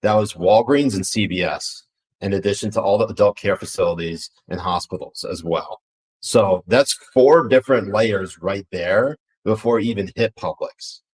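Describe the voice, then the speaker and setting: Male podcast co-host with a very low voice, blunt and profane, loose rambling delivery. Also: moderate pace, poor audio. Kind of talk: casual political podcast chat.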